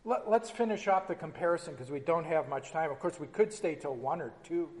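High-voiced pastor teaching a class. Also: male voice, lively intonation, fairly quick, darkish tone, big-room sound, low-quality recording. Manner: conversational, reads formal liturgy aloud with emphasis. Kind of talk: informal church class lecture with liturgy reading.

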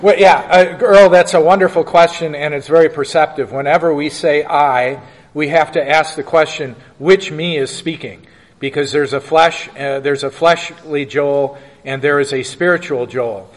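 Male pastor type, slightly high voice, teacherly and joking, long hall echo. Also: fairly even intonation, moderate pace. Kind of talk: answering questions in a church class.

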